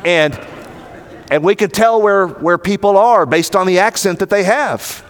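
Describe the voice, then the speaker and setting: A man's voice: high voice, unhurried. A man with a Southern American accent preaching a sermon, retelling the story dramatically and acting out the quoted lines. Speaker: pastor. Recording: hall reverb.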